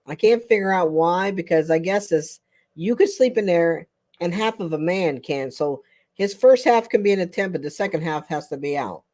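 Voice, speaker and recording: A woman's voice: lowish voice, expressive, moderate pace, darkish tone. An older woman hosting a casual livestream chat with viewers, chatty and rambling, often breaking into laughter. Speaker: livestream host.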